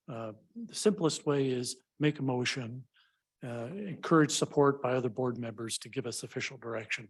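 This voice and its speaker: A man on town staff calmly explaining meeting procedure to a board. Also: mid-range voice, moderate pace, husky.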